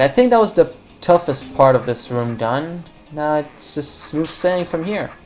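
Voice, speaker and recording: In this clip, a woman with a low, slightly mellow voice plays a puzzle game and comments casually as she goes. She rambles and cracks jokes, talking both to her viewers and to the characters on screen, let's-play style.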